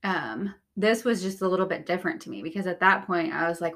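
A woman's voice: lowish voice, fast talker, fairly bright tone. A woman speaking as a podcast guest, candidly recounting a personal story in casual conversation with many "like" fillers. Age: young adult or older.

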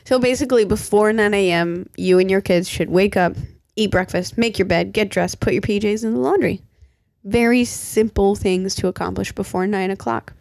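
A woman's voice: medium pitch, normal speed, creaky, a little mellow, dry recording, studio quality. A woman in her thirties co-hosting a casual chat, easily amused and giggling, talking through a family daily schedule like she talks to her kids. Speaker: podcast co-host.

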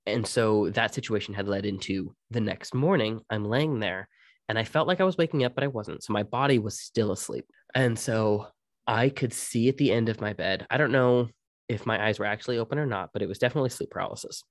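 A young man with a low-pitched voice tells ghost stories in a relaxed, offhand way and swears freely. The sound is dry and close, with no room around it. He is chatting casually as a podcast co-host. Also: brisk, no echo. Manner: relaxed, swears freely, quotes others in his own voice. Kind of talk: casual ghost-story chat.

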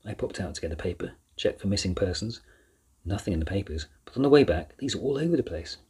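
A man voicing a kindly, hearty older professor in a storybook reading, speaking briskly. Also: sits low, lively intonation, mellow, slightly rough, heavily acted.

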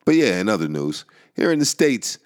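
Deep-voiced man ranting with laughs. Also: big pitch swings, normal speed, smooth. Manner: laughs often, swears, rambling. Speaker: podcast host. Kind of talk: casual rant. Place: New York.

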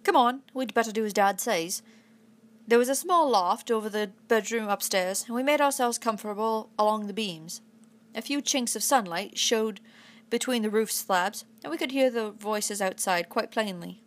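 A woman narrating a classic adventure novel aloud in an imitated English accent, in steady first-person storytelling. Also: mid-range voice, moderate pace. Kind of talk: storybook reading.

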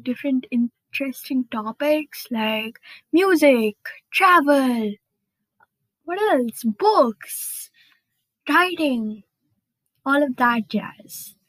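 A woman's voice: high voice, takes it slowly, long pauses, no echo, poor audio. A woman hosting her own podcast in a chatty, bubbly way, with frequent fillers and little laughs at herself. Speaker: podcast host. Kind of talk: casual solo podcast chat.

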